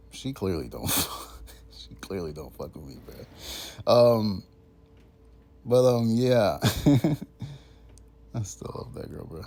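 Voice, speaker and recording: A man's voice: sits low, vocal fry, mellow. A man in his twenties casually rambling in a monologue, full of fillers and slang. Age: 20s. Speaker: content creator.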